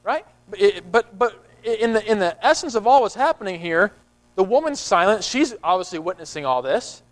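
A man's voice: high voice, sing-song, normal speed, poor audio. A man preaching a sermon in a conversational way, often repeating words and acting out the people in the story. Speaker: pastor.

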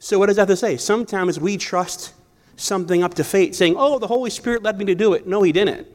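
This preacher talks fast in a high-pitched voice with a darkish tone. He shares personal stories in a conversational sermon, regularly correcting himself and starting sentences over.

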